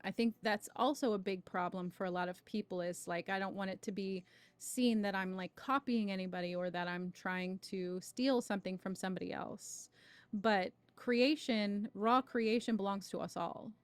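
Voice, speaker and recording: A woman's voice: mid-range voice, normal speed, no echo. Woman chatting on a spiritual livestream, greets viewers by name, keeps saying right?, dry close sound. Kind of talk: casual livestream talk with tarot reading.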